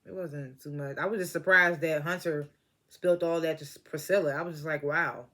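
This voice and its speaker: A man's voice: a little high, steady tone, a little fast, sharp tone. A man casually recapping a TV episode, laughing often and acting out the characters' lines, and he says he is stoned. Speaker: TV episode reviewer.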